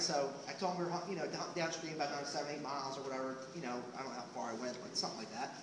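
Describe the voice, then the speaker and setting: A man's voice: mid-range voice, flat delivery, very fast, few pauses, background noise. Rambling male storyteller in an echoey room. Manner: rambling, full of "like" and restarts. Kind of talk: live comic storytelling.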